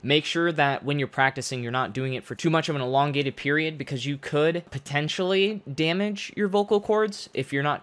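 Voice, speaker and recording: A man's voice: on the high side, a bit bright. A man giving a comedic tutorial in a put-on airy feminine voice, swearing casually. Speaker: YouTuber teaching a comedy voice tutorial.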